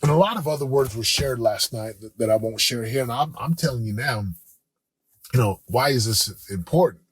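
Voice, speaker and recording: Guy in his 40s, husky voice, dry close sound, telling stories then pumping you up like a coach. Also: medium pitch, moderate pace, no echo. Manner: earnest, storytelling, rises to loud coaching pep talk. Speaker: podcast host. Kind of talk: motivational talk.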